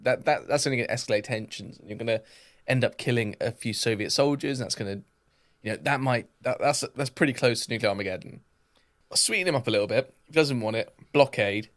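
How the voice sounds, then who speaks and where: A man's voice: mid-range voice, fast talker, fairly bright tone. Male podcast co-host; jokey, blunt, swears freely in casual chat. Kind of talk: casual banter.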